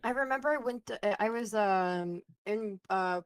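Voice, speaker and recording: A woman shares a travel anecdote on a casual streamed panel. She starts hesitantly, full of fillers, then her middle-pitched voice leaps up when she quotes herself. The sound is close and dry. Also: moderate pace, clear, resonant tone, no echo. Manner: hesitant with fillers, rises high when quoting, laughing. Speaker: panel guest. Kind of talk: casual storytelling chat.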